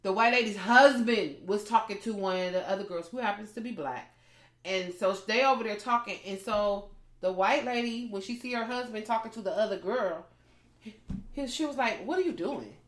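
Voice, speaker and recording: A woman co-hosting a podcast, telling a story in an animated, gossipy way. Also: medium pitch, normal speed, echoey room. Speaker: podcast co-host and comedian. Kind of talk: casual storytelling chat.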